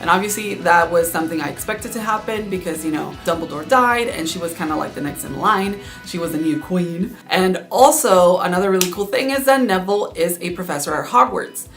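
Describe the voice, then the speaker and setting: A young woman with a Cuban accent talks straight to her viewers in a casual, eager review vlog. Her voice sits a little low for a woman. Soft music plays faintly behind her. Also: brisk, few pauses. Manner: chatty, eager, addresses viewers directly. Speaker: book reviewer, channel host.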